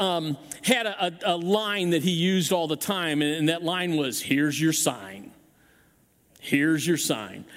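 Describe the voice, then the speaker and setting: Male pastor, high voice, lively swooping delivery, sermon, long church-hall reverb. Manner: animated storytelling with acted-out voices; frequent restarts and repeated words. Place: church sanctuary.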